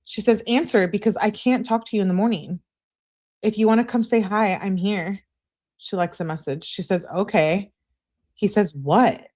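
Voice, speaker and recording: A woman's voice: medium pitch, moderate pace, darkish tone. Woman reading texts on a livestream. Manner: reads texts with "she says" tags, chats with viewers. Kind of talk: live stream reading aloud.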